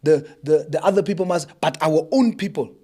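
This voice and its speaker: A South African man talks politics in an impassioned, high-pitched voice. He keeps firing rhetorical questions at the listener and drops Afrikaans phrases into his talk. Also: a little fast, darkish tone, slightly rough. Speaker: politician guest.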